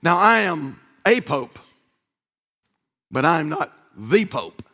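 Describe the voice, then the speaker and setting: A man preaches a sermon with fervor and emphasis, stretching out key words and quoting the Bible. His voice sits on the high side and sounds very animated, bright, and forceful.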